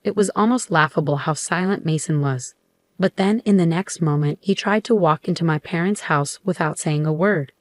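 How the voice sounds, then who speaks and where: A woman narrating a first-person story in an even, measured way. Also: fairly low pitch, dry recording.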